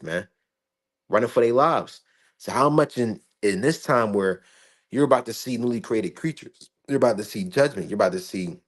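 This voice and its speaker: A man giving an informal Bible commentary, emphatic and swearing freely, stumbling through repeated restarts. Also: on the low side. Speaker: street preacher.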